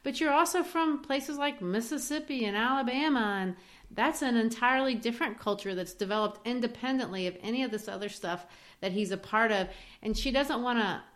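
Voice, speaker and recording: A woman teaching literature in a lively way, discussing a play and acting out its quoted lines. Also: on the high side, fairly quick. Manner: animated, acts out quoted lines.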